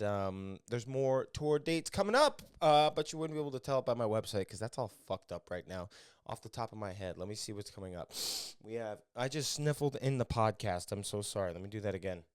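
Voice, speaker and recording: A man's voice: lowish voice, smooth, dry recording, clean studio sound. A man hosting his own podcast, rambling crudely and mocking himself between voicemails. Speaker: podcast host and comedian. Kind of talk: casual podcast monologue. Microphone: studio podcast mic.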